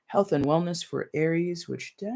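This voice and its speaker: On a casual live stream, a tarot reader speaks loosely and directly to viewers, dropping "like" and "you know" throughout with light laughs. Her voice is medium-pitched and a little mellow, with vocal fry, at a normal speed.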